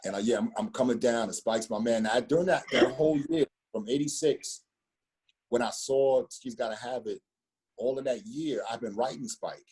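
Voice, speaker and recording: A man's voice: mid-range voice, moderate pace, a little mellow, breathy edge. A man in his fifties telling a long personal story in casual conversation, rambling and repeating himself, with street slang. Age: 50s.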